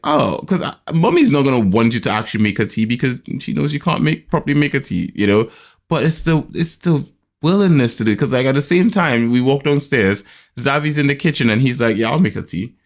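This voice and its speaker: A man hosting a podcast, telling a family story in a hesitant, animated way and mimicking a child's voice. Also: gravelly. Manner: animated storytelling, acts out his son's high voice; hesitant, many restarts and fillers. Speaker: podcast host. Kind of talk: casual chat.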